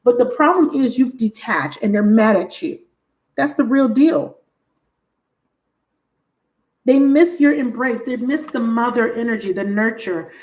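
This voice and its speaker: Woman tarot reader on a livestream, frank and chatty, laughs a lot, voice on the higher side. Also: expressive, unhurried, long pauses, a little mellow. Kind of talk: casual tarot reading livestream.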